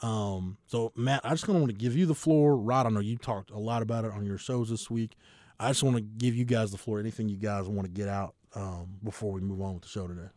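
A man hosting a sports talk show, speaking in a halting way, full of "like" and restarts. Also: fairly low pitch, fairly even intonation, darkish tone, dry recording, studio quality. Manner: halting, filler-heavy with frequent "like". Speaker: podcast host. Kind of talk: casual chat.

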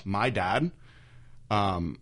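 A young adult man hosting a podcast, telling stories in a candid, crude way and slipping into animated impressions of the people he quotes. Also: fairly low pitch, very slow. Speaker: podcast host. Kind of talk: casual podcast chat.

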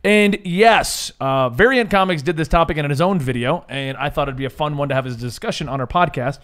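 A man hosting a casual comics podcast, talking in a lively, joking, enthusiastic way. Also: fairly high pitch, fairly quick. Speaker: podcast host.

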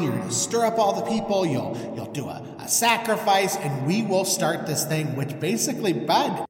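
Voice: mid-range voice, reverberant, in a large hall, recorded from a distance, close to an everyday voice. A podcaster voicing God as a chummy, pushy male figure with salesman patter. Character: cocky mellow-voiced cheerful male God.

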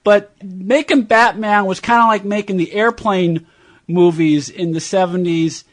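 A man's voice: high-pitched, fairly even intonation, measured pace. A man hosting an interview, asking careful questions with many hesitations. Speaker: podcast host, interviewer.

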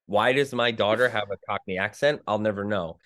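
A man with a fairly low voice, chatting as an interview guest from New Jersey. He tells his backstage stories with energy and slips into other people's voices as he quotes them. He sounds like a middle-aged Broadway actor at ease. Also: fairly quick. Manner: animated storytelling, acts out quoted voices. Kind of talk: conversational interview.

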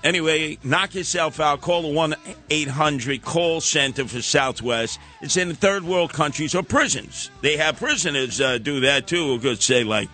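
A man's voice: fairly high pitch, moderate pace, sharp tone, soft background music. Sarcastic New radio host man. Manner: mocking, sing-song asides. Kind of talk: sarcastic ranting commentary.

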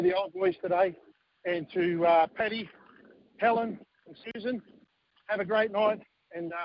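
A man's voice: high voice, lo-fi sound. A man, a former team manager, telling jokey stories as a guest on a radio show, acting out quotes. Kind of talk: casual storytelling on a radio show.

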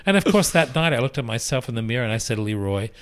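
Older man, stage actor, animated raconteur, frank and salty, very expressive melody. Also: mid-range voice, racing. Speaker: stage actor, interview guest. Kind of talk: casual storytelling chat.

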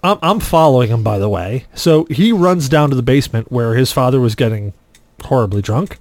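A man hosting a casual podcast, telling a story with lively acted-out quotes. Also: mid-range voice, a little fast, no echo. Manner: animated storyteller, acts out quotes loudly. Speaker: podcast host.

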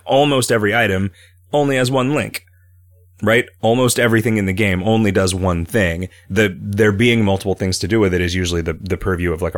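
Deep-voiced rambling podcast man. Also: no room sound, clean studio sound. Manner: rambling, reads listener questions aloud. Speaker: podcast host and game developer. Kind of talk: casual podcast chat.

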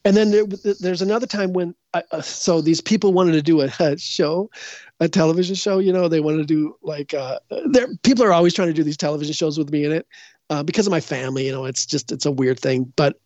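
A man's voice: on the high side, fast, darkish tone, no echo. An older man from Minnesota, a guest psychic rambling through stories in casual interview talk, restarting his sentences often. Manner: rambling, with many restarts and fillers. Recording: dull, dry lo-fi sound.

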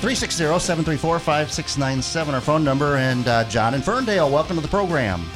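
Male radio host for open lines, lively and chatty, up-and-down delivery, in the studio. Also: fairly high pitch, a little fast, over music. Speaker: radio talk show host. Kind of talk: casual radio call-in chat.

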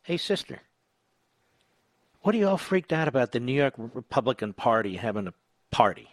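A man's voice: medium pitch, very animated, moderate pace, no echo. A man hosting talk radio, delivering combative, sarcastic commentary.

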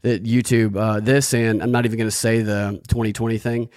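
A man's voice: lowish voice, flat delivery, brisk, darkish tone, dry recording, studio quality. Wry rambling male podcast host. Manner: wry, rambling, reads chat comments. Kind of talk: casual podcast chat.

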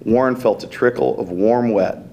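A man's voice: lowish voice, normal speed, noisy background. Man reading a fantasy story aloud. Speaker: author reading his story.

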